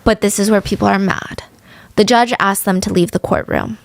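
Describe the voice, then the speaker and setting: A woman's voice: medium pitch, normal speed, creaky, dry recording. Indignant woman hosting a true-crime podcast. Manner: animated and indignant commentary. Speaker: podcast host.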